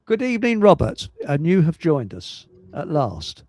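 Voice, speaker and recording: A man hosting a casual livestream, rambling and halting over technical trouble with many restarts. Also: on the high side, big pitch swings, warm tone, dry recording, studio quality. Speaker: livestream host. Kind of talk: casual chat. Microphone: computer mic on a video stream.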